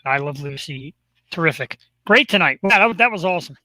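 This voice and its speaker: A man's voice: on the high side, lively intonation, fairly quick, pushed and bright, a little hiss or hum, low-quality recording. A man with a Philadelphia accent hosting a live webcast, chatting in an upbeat, rambling, self-deprecating way. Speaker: podcast host. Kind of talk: casual live webcast chat.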